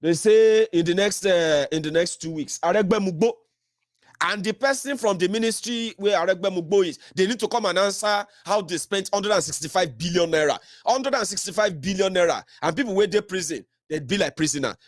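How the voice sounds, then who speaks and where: A middle-aged Nigerian man talks politics in a fiery, mocking way, slipping into pidgin as he goes. His voice sits fairly high for a man. The recording is dry and close, with no room sound. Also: fairly quick, no room sound. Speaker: political commentator. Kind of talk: solo political commentary.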